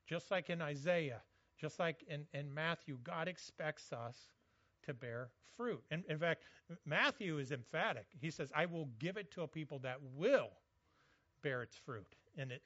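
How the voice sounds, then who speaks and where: Guy preaching a sermon, kinda high voice, dry muffled sound, stumbles over words a lot. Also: fairly bright tone, no echo. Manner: conversational preaching with frequent repeated words. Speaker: pastor.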